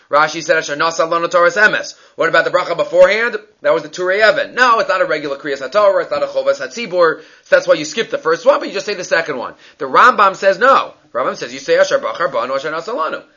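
A man with a high, bright voice teaches a Talmud lesson, reading the text and explaining it line by line. He works through each step aloud. The recording sounds dull and lo-fi. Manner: explains text line by line, thinking aloud, uses Hebrew and Aramaic terms. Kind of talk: daily Talmud class lecture.

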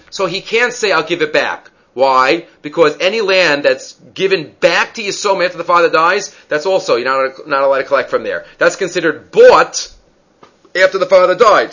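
A man's voice: a little high, sharp tone, dull audio. A man giving a Talmud study lecture, explaining step by step and asking and answering his own questions. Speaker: Talmud teacher.

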